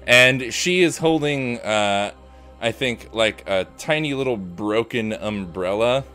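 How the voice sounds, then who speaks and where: A man's voice: medium pitch, takes it slowly, sharp tone, faint music behind. A man running a tabletop game as game master, narrating loosely with lots of fillers.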